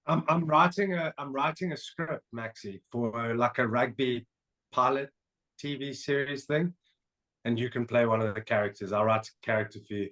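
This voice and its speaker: A man's voice: mid-range voice, fairly even intonation, moderate pace, fairly bright tone. A man co-hosting a podcast in casual chat, speaking hesitantly with stumbling restarts. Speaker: podcast co-host.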